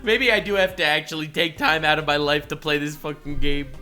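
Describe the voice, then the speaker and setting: Excitable high-voiced reaction streamer man. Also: brisk, soft background music. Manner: excitable, laughs often, swears, shouts.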